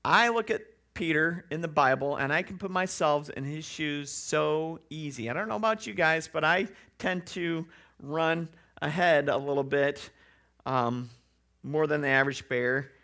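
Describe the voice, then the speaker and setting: A man's voice: fairly high pitch, measured pace, pushed and bright. A man preaching a sermon in a conversational way, with joking asides and rhetorical questions. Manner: acts out quoted voices.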